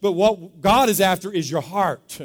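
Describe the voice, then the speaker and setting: A man's voice: high voice, unhurried. A man preaching a sermon as pastor, talking in a conversational way, repeating words and asking the congregation to say them back. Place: church sanctuary. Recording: long reverb of a large hall.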